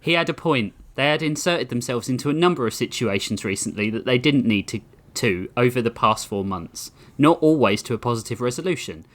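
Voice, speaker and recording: A man reading his comic story aloud on a podcast, animated and laughing as he does character voices. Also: medium pitch, a little fast.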